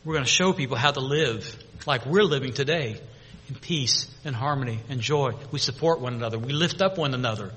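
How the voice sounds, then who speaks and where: A man preaching a sermon to his congregation, swinging between loud proclamation and hushed, intimate storytelling. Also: medium pitch, a little fast, slightly rough, big-room sound. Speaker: pastor.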